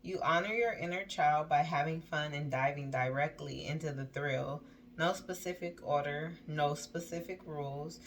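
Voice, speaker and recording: Woman, tarot reader, deep low voice, chatty and rambling, faint background hiss. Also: normal speed. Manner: chatty, loose, full of "like" and "um" asides; reads card text aloud, then riffs on it. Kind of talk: casual spoken tarot reading.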